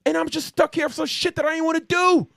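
A man's voice: fairly even intonation, quick pace, gravelly, dry recording, clean studio sound, heavily acted. A man voicing an enraged, grieving male mutant turtle, ranting at his dead brothers in a raised, strained voice. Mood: furious rant. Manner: ranting, high and strained, yelling at ghosts.

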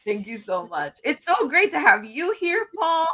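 A woman's voice: high-pitched, sing-song, a little slow, a bit bright. A bubbly woman who laughs easily, hosting a casual podcast on a video call. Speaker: podcast host.

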